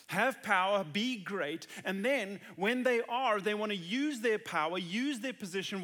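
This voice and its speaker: A man's voice: high-pitched, fairly bright tone. A man preaching a sermon, earnest and conversational, building to emphatic peaks. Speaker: pastor.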